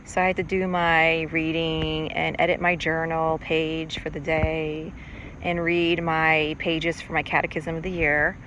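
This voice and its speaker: A woman's voice: sits low, level tone, unhurried, fairly bright tone, rough recording. A middle-aged woman hosting a podcast, talking in a rambling, chatty and self-reflective way while out on a lake. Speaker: podcast host. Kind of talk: casual monologue. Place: outdoors on a lake, on a paddleboard. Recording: outdoor lake recording with boat noise. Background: boats passing on the water.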